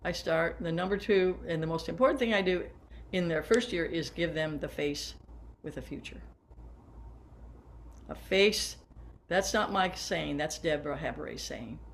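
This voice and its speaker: A woman's voice: lowish voice, measured pace, slight background noise. Older woman leading a band lesson. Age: 70s. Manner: warm, hands-on, guiding listeners through exercises. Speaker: band teacher. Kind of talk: workshop lesson for teachers. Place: seated.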